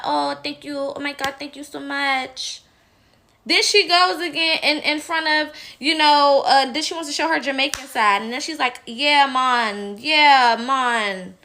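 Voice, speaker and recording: Female vlogger, blunt opinion commentary, slightly high pitch, sharp bright tone. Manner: blunt, emphatic, swears when riled. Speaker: political commentator.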